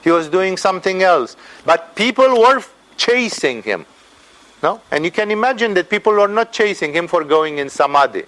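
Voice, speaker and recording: A man giving an informal spiritual lecture as a teacher, animated and conversational, tagging his points with "no?" and "you know". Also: high voice, moderate pace, low-quality recording. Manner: animated, acts out quoted voices, tags "no?" and "you know".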